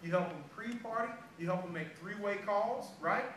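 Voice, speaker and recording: A man's voice: high voice, normal speed, a bit bright. A man giving a sales training talk to a live group, acting out the dialogue of a story. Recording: echoey room, far from mic, background noise.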